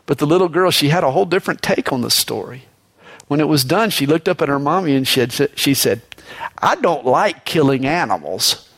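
A man preaches a sermon conversationally, often throwing in "you know," raising his voice for emphasis and letting it fall low and slow on solemn points. His tone is fairly bright.

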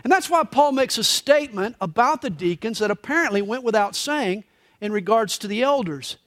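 Male pastor preaching a live sermon, high voice with a wide, lively swing, dry close sound. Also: moderate pace, dry recording. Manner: expressive storytelling preacher. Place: church service.

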